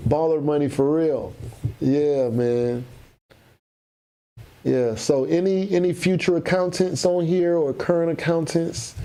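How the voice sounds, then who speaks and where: A man's voice: a little high, warm tone. A man hosting a casual livestream, chatting loosely and greeting viewers by name. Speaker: livestream host.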